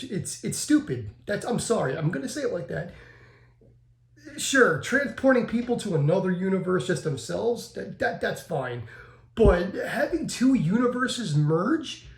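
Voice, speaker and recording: A man's voice: a little high, darkish tone. Rambling man, echoey room. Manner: rambling, repeats himself, frequent restarts and fillers. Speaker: video game reviewer. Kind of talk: casual spoken game review.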